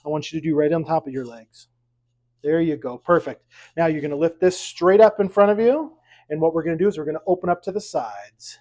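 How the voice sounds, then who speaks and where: An instructor leads a seated exercise class at home, counting each rep aloud. The coaching is upbeat, steady and mid-pitched, broken up by light jokes. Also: a little fast. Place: at home with pets around.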